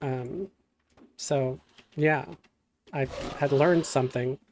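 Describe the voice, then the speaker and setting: A man's voice: mid-range voice, steady tone, slow pace, a little mellow, slight background noise. A middle-aged man casually telling a rambling story while streaming a game, with many fillers and restarts.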